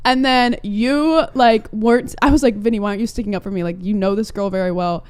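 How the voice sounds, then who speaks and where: A young woman in her twenties, co-hosting a podcast and telling stories in a casual, animated way with many fillers. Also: medium pitch, brisk, few pauses, clean tone. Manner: animated storytelling, lots of fillers and laughs. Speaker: podcast co-host. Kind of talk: casual chat.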